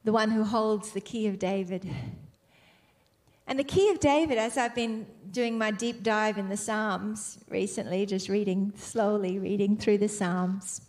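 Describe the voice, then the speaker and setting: A medium-pitched woman preaches with fervor, letting important phrases come slower and softer. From there she builds up to emphatic exclamations.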